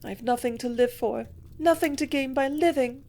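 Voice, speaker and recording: A woman's voice: high voice, normal speed, a little mellow, pitched above the performer's own voice. Lady reading as a young woman in despair, strained and tense, audiobook.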